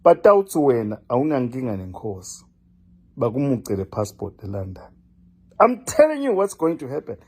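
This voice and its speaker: A man's voice: medium pitch, very animated, moderate pace, a little mellow, husky. An older man delivering a scolding, lecturing political monologue, addressing one person directly and repeating his name for emphasis. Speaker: political commentator.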